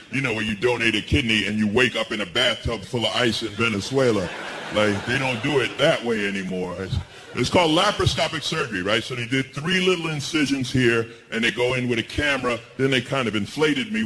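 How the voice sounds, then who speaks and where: Animated middle-aged male stand-up comedian. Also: background noise. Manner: animated storytelling, jumps high for punchlines. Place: comedy stage before a laughing audience. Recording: live show with audience laughter.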